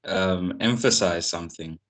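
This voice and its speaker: A young South African man student giving hesitant, pausing answers to the teacher. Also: sits low, a bit bright. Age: young adult.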